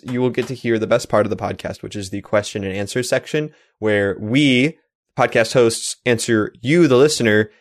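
A man hosting a casual video game podcast, upbeat and laughing often, speaking into a close mic. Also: on the low side. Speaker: podcast host.

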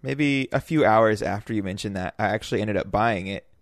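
A man's voice: on the low side, fairly quick, no echo, clean studio sound. A man co-hosting a casual gaming podcast, joking and giggly. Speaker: podcast co-host.

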